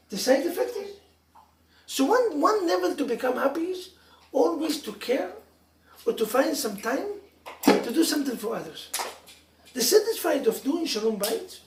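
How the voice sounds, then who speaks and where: Animated rabbi preaching in an echoey room. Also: male voice, extremely high pitch, slight background noise. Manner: animated storytelling with laughs and sudden loud emphasis. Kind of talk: sermon to a live audience. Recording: echoey room, mic from far off.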